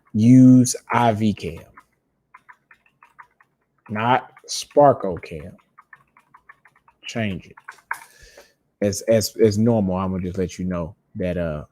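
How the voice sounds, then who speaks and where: His voice sits low and dark, with no room sound, as this podcast host tells a rambling, profane family story from a home studio with lights and microphones. He's a loose, laughing storyteller who acts out the quotes in a casual way.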